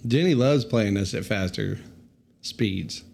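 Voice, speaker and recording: Jokey man with a mellow voice. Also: fairly low pitch, takes it slowly, gravelly. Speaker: podcast co-host. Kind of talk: casual chat.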